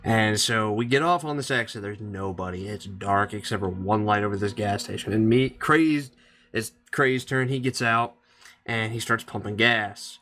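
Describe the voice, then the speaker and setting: A man on a casual podcast chat, recounting a trip in a relaxed, profane way. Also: fairly low pitch, normal speed. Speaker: podcast co-host.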